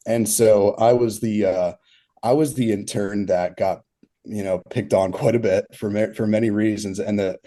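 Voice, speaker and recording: Low, mellow-voiced man telling stories. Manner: rambling, filler-heavy storytelling with frequent laughs. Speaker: turf industry consultant, guest. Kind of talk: casual interview storytelling.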